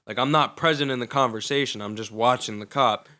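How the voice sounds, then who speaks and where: Young guy telling a story, swears a lot, slangy, smooth clear voice. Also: medium pitch, brisk, bright, forceful tone. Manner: loose, profane, slangy street talk. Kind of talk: casual personal storytelling.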